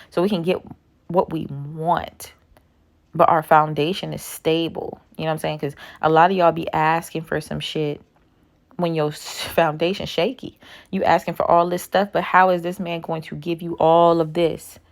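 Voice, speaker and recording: A woman in her thirties vlogging with a deep, low voice. She lectures bluntly and swears freely in casual reaction commentary. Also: little pitch movement, a little slow, vocal fry. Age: 30s.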